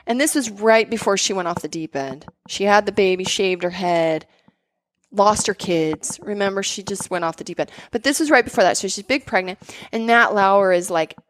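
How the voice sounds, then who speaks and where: A woman's voice: mid-range voice, normal speed, no room sound. A woman who trained as a doctor, telling stories in a casual podcast chat, full of "like" fillers. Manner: animated storyteller, many "like" fillers.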